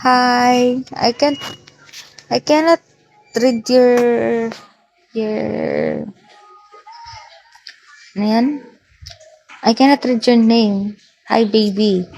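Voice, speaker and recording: A woman's voice: on the high side, gravelly, darkish tone, a little hiss or hum, poor audio. A young woman, casually chatting on a livestream and reading out viewers' names while she asks for support. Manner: mixes English with Filipino phrases. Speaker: livestream host.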